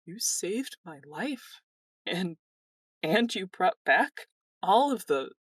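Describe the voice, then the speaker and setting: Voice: mid-range voice, big pitch swings, slow pace, slightly rough, no room sound, pitched above the performer's own voice, full character voice. Game master doing an earnest stammering young temple attendant. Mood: tearful gratitude. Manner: sincere, stammering, tearful.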